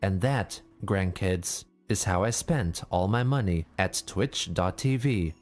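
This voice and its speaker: Slow deadpan man, comic promo read. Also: low voice, faint music behind.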